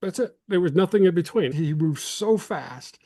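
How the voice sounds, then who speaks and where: A man's voice: high-pitched, expressive, normal speed, dark tone, no room sound. A man in his fifties from Illinois, a former football lineman telling rambling, self-deprecating stories as an interview guest. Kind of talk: casual interview storytelling.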